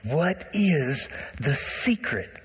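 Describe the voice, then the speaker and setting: An animated male preacher talks straight to his congregation. His voice sits a little high and carries a slightly husky edge. The long reverb of a church sanctuary trails after every phrase. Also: very slow. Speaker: pastor. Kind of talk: sermon.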